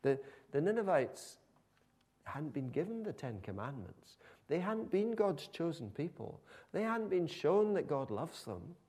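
A man's voice: fairly high pitch, sing-song, unhurried, a little mellow, slightly rough. Conversational male preacher. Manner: conversational, emphatic storytelling. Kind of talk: sermon.

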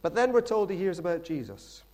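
A middle-aged man delivers a sermon as a lively, conversational story. His voice sits somewhat high for a man, and he drops in friendly asides to the listeners as he goes. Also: a little fast. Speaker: preacher.

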